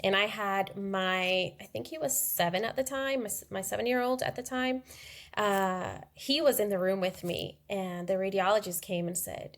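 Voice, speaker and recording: A woman's voice: mid-range voice, moderate pace. A woman in her thirties, a guest on a podcast, telling her personal story candidly and acting out the dialogue. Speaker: interview guest.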